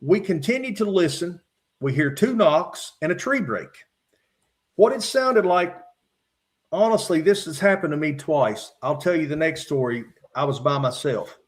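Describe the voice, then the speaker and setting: A middle-aged man from Virginia, a podcast guest calmly recounting his own encounters from his notes with frequent "uh" fillers. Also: a little high. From West Virginia. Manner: measured, matter-of-fact retelling with frequent "uh" fillers. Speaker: podcast guest, former state trooper.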